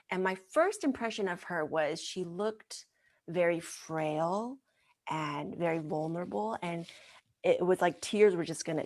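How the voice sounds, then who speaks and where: A woman who works as a mind-body wellness trainer, telling a story as a guest in an interview in a gentle, earnest way. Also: lowish voice.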